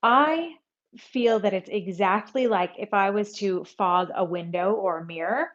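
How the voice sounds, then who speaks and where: A woman teaching a yoga class, giving calm, conversational instructions and breathing cues. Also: mid-range voice, measured pace, dull audio.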